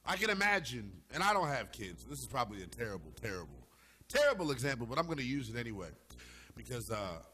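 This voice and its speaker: A man hosting a sports talk radio show, arguing his point to listeners in an animated, emphatic monologue. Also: mid-range voice. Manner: talks straight to listeners.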